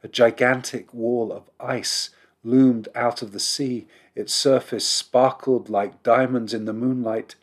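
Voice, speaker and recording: A rabbi reading a holiday children's story aloud in a measured, expressive storybook narration. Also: male voice, mid-range voice.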